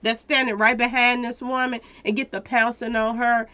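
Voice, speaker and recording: A woman's voice: on the high side, flat delivery, moderate pace, pushed and bright. A woman hosting a casual news commentary, talking straight to her viewers, repeating her points with emphasis. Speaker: commentary channel host.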